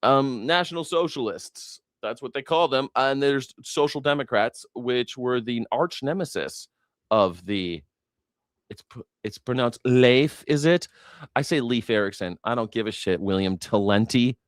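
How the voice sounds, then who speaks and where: A man's voice: medium pitch, unhurried, dry recording, clean studio sound. An American man hosting a casual news commentary livestream, sarcastic and profane, laughing at his own jokes.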